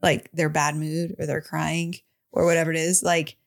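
A young woman co-hosting a podcast in casual chat, chatty and giggly, talking in quick bursts. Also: sits low, little pitch movement, gravelly. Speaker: podcast co-host.

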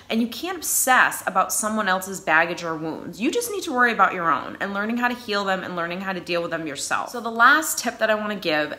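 A woman's voice: mid-range voice, sharp tone. A woman with a New England accent giving casual, earnest advice in a conversational way, with frequent fillers. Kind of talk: casual advice talk on anxiety.

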